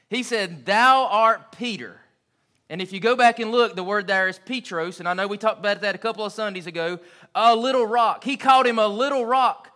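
In an evening sermon, this male preacher speaks with earnest emphasis, his high-pitched voice bright and forceful. Key phrases come back again and again to drive the point home.

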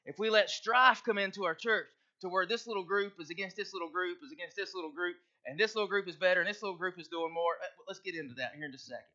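A pastor, a man, preaches in a folksy, conversational way and reads scripture aloud. His voice sits high and sounds bright. The recording is muffled and lo-fi. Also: fast, hardly any pauses. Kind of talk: sermon.

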